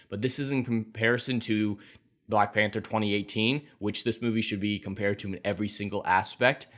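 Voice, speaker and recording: A man hosting an opinionated commentary vlog, talking in an emphatic, sarcastic and indignant way. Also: fairly low pitch. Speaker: commentary channel host.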